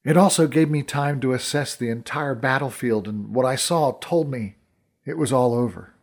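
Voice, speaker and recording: A man reading a first-person fantasy audiobook in a measured, vivid storytelling manner. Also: mid-range voice. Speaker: audiobook narrator.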